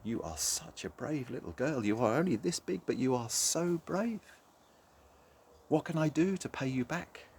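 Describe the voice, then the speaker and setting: A man voicing a kind motherly queen blackbird in a storybook tale, speaking gently and slowly. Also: medium pitch, lively intonation, slight background noise, pitched above the performer's own voice, natural voice. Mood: admiring. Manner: gentle, slow and soothing.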